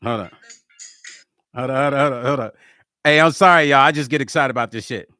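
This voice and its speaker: A middle-aged man, a musician and producer, chatting casually in a vlog while he builds a track, excitable and slangy, forever saying hold on. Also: mid-range voice, brisk, dry recording, clean studio sound, faint music behind. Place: music studio.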